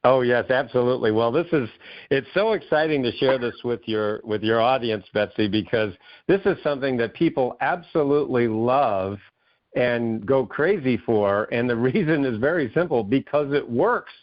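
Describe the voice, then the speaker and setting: A man's voice: mid-range voice, lively intonation, moderate pace. A man from Maine, a guest author and keynote speaker, telling his story with enthusiasm in a radio interview. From Maine, USA. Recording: dull lo-fi radio audio.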